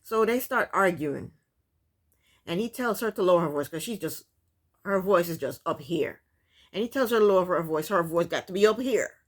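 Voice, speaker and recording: A woman's voice: on the low side, animated, moderate pace. A woman giving a blunt, sassy, exasperated casual recap of a TV show. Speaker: reality TV recap YouTuber. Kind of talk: casual commentary.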